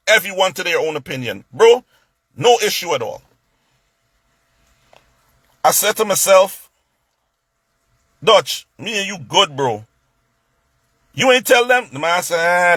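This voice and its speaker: With a slightly high voice and no echo, a man rants casually through a story in an animated way, stumbling over repeated words and playing out other people's lines.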